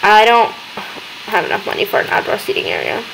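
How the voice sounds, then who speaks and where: A young woman hosting a gaming video, chattering excitedly as she plays and talking to the characters on screen. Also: medium pitch, a little fast, vocal fry, slight background noise, poor audio. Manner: excitable, gasping, talks to game characters. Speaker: gaming channel host. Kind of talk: let's-play commentary.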